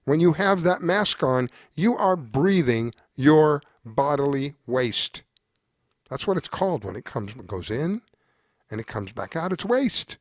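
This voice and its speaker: High-voiced man ranting as show host. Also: very animated, measured pace, dry recording, studio quality. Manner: exasperated, emphatic, repetitive. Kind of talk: ranting commentary monologue.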